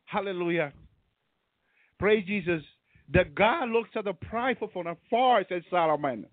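A man's voice: high-pitched, lively intonation, normal speed, dry recording, narrow, tinny audio. A man preaching a sermon with fervor, often breaking into hallelujahs. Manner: fervent, peppered with hallelujahs.

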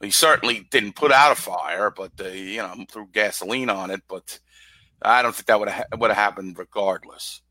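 Bright-voiced ranting sports radio man. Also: on the low side, moderate pace, no echo. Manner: blunt, ranting about the team. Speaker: co-host. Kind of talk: casual sports radio chat. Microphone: studio microphone.

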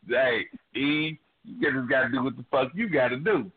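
A man's voice: medium pitch, normal speed, slightly rough. A man co-hosting a radio talk show, chatting casually and profanely, rambling with many fillers. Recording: phone-like narrow band.

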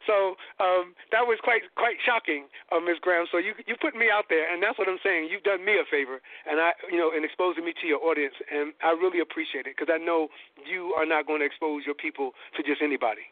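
A man's voice: fairly high pitch, fast talker, dry recording. Impassioned man lecturing over a tinny line. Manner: preacher-like, building to emphatic peaks. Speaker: guest lecturer. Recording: tinny phone-line audio.

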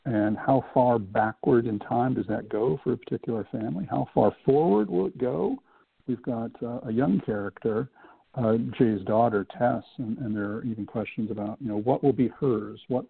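Male interview host, measured and courteous, slight rasp; dry narrow phone sound. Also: mid-range voice, dry recording. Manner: measured, careful questions with "uh" fillers. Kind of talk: radio interview.

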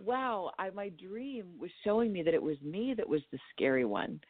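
A woman from California, a dream therapist telling a personal story as a podcast guest, animated and acting out what people said. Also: medium pitch, normal speed, breathy edge, no echo. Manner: animated storyteller who acts out her own quotes. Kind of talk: storytelling in a conversational interview. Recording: tinny phone-like line, dry.

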